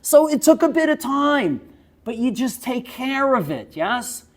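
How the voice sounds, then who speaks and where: A male teacher lecturing students. He tells lively stories, laughs as he goes and keeps checking in with "yes?". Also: extremely high pitch, measured pace. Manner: laughs while telling stories.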